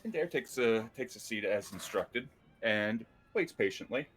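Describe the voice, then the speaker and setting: A man playing a tabletop game, speaking in a calm, measured way. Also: lowish voice, slight background noise. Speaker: player.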